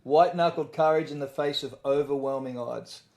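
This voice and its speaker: A man's voice: a little high, fairly quick, vocal fry, a little mellow. A man with an Australian accent, talking as a podcast guest in a blunt, easygoing way and swearing casually. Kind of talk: casual chat.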